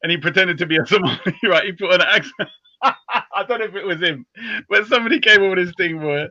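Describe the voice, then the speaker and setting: A young man hosting a live stream, talking in slangy, teasing, heated casual banter that jumps between loud and low. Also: fast, no room sound. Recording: dull lo-fi stream audio.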